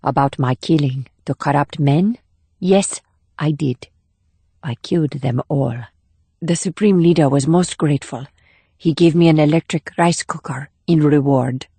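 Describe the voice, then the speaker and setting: A man's voice: on the high side, unhurried, gravelly, breathy edge, no room sound, heavily acted. A man putting on a cold, ruthless woman agent. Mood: coldly menacing. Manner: clipped, commanding, flat menace. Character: cold, ruthless adult female state agent. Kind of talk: audiobook character voice.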